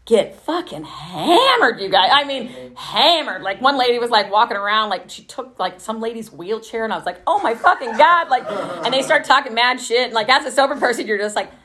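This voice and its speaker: A woman's voice: a little high, quick pace, fairly bright tone. A woman from Texas telling her recovery story in a casual, chatty way, swearing freely and laughing often.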